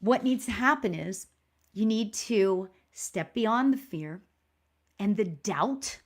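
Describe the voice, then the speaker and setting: A woman's voice: mid-range voice, animated, takes it slowly. A woman working as a spiritual medium, giving a live online reading in a chatty, encouraging way with lots of "you know" fillers. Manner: warm and encouraging toward viewers.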